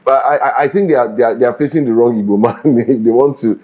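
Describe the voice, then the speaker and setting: A man, a guest commentator who starts haltingly and then speaks with firm sarcasm. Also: medium pitch, a little mellow. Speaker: guest analyst. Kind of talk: morning show news commentary.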